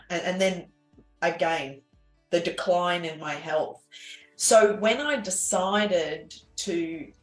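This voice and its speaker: A woman telling her personal story as an interview guest, earnest and halting, with many restarts and fillers. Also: fairly low pitch. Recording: echoey room with faint music.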